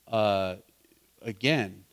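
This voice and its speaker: A man's voice: lowish voice, drawn-out words, fairly bright tone. A man preaching in a conversational way, asking his listeners questions and building to fervent emphasis. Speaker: pastor teaching a Bible study. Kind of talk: interactive sermon.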